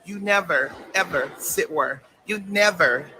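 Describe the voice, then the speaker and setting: A man on a livestream delivers warnings in a high, sharp, bright voice. He works in short bursts and closes almost every point with a pointed "okay?". The tone is confrontational throughout. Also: measured pace, slight background noise, poor audio.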